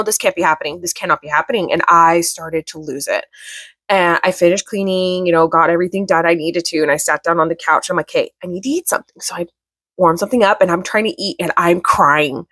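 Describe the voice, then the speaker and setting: A young woman talks casually to her viewers about books she has read, gushing and emotional, filling her sentences with "like". Her voice sits a little low for a woman. The sound is dry and close, with no room echo. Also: a bit bright. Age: young adult. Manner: emotional, gushing, many fillers like "like". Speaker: book vlogger. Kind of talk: casual chat.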